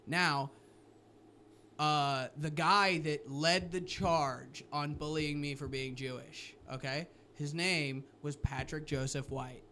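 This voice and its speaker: A man tells a story on a comedy podcast, animated and deadpan by turns. His voice sits fairly high and rings bright and forceful. He talks into a studio podcast mic. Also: slow pace, a little hiss or hum. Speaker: podcast co-host telling a story. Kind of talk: casual comedy podcast chat.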